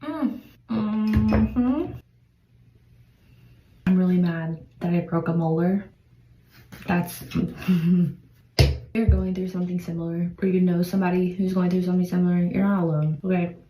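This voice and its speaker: A woman's voice: on the low side, a little slow, long pauses, over music. A young woman filming a confessional vlog, anxious and close to tears as she talks to the camera. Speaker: vlogger. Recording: echoey room, faint ambience.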